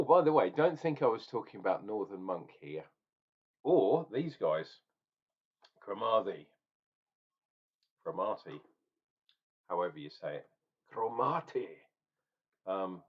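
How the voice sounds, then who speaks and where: A man's voice: deep voice, sing-song, brisk, husky, dull audio. A man ranting and tasting beer in a casual review vlog, opinionated and swearing now and then.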